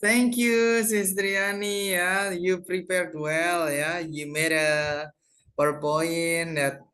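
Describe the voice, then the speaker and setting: A woman's voice: on the low side, flat delivery, slow pace, fairly bright tone. A woman with an Indonesian accent, a teacher giving patient corrections and explanations to a class. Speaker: English teacher.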